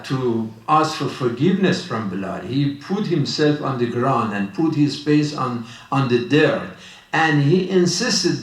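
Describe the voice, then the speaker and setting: A man giving an informal sermon, emphatic and repetitive, with frequent restarts. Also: mid-range voice. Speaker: religious speaker. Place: mosque hall. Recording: roomy, distant mic.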